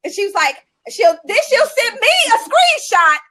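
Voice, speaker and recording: A woman with a high, lively voice hosts a relaxed chat. She talks bluntly, swears freely and acts out other people's texts with big swings in pitch. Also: normal speed. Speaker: host. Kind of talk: casual chat.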